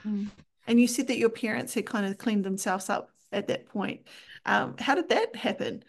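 A woman's voice: medium pitch, normal speed, creaky. A woman hosting a faith podcast, asking questions and reflecting affirmingly on her guest's story. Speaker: podcast host.

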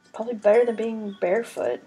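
A woman's voice: fairly high pitch, quick pace, dark tone. A woman casually commenting on a game with sarcastic, joking asides. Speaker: let's play commentator.

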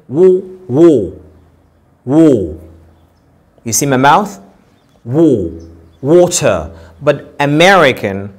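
A man's voice: fairly high pitch, animated, a little slow. A man with a Sudanese accent giving a casual English pronunciation lesson to camera, often repeating words and restarting. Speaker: English teacher. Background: street traffic.

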